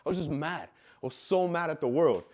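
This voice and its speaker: A man telling a raw personal story with heavy swearing, dropping low and quiet, then bursting out loud. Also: expressive, a little fast. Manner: profane, intense, swings from quiet to loud; loud, self-described. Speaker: fitness business coach telling his life story.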